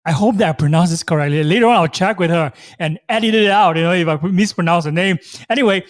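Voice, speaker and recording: A man's voice: high voice, fast, dry recording, studio quality. A man hosting a live online interview, giving upbeat, effusive introductions. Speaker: host.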